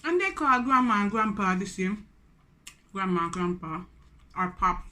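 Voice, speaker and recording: A woman's voice: medium pitch, expressive, moderate pace, sharp tone. A Jamaican woman in her forties chatting casually on a mukbang vlog, slipping into Patois between English sentences. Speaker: food vlogger.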